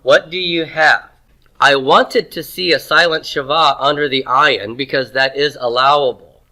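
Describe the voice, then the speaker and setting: A man with a bright, forceful voice teaching a Hebrew grammar class. He asks the room questions and then answers them himself. His voice sits a little high for a man. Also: steady tone. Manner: sounds out Hebrew syllables slowly. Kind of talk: classroom lecture.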